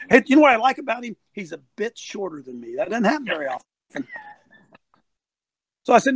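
A man's voice: high voice, quick pace, long pauses, no echo, rough recording. A man nicknamed Coach who tells a folksy story and rallies listeners to serve, talking into a phone. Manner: folksy storytelling, rallying, animated. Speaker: ministry leader called Coach. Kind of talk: livestreamed preaching talk.

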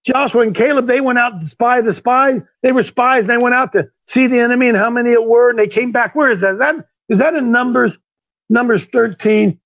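A high-pitched man leads a group Bible discussion with animated energy, now and then breaking into strained, crying voices as he acts out characters. The recording sounds dull and lo-fi. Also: brisk. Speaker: Bible study leader, called coach.

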